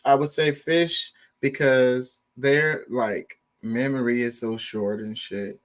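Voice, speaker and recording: Laid-back man rambling casually. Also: mid-range voice. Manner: rambling, profane, laid-back, lots of fillers. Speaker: streamer. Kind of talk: casual opinion talk.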